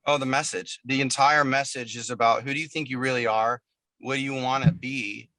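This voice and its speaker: A man's voice: mid-range voice, fairly even intonation, fairly quick, bright, forceful tone, dry recording. A man being interviewed over a video call, chatting casually as a musician guest, telling long stories in a loose, profane way. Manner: profane, rambling storyteller.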